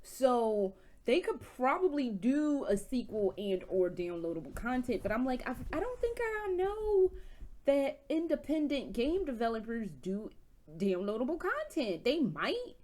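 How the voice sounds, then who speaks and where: Woman game vlogger, a bit high-pitched, excitable and swearing, laughs through her stories. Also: unhurried. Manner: animated, profane, laughing storyteller. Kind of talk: casual game review chat.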